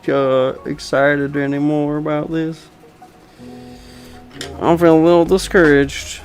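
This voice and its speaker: A man's voice: on the high side, little pitch movement, a little slow, pauses often, faint music behind. A man chatting casually while he draws, talking through his work in a chatty, self-mocking way and laughing often. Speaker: artist and video host. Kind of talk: casual chat while drawing.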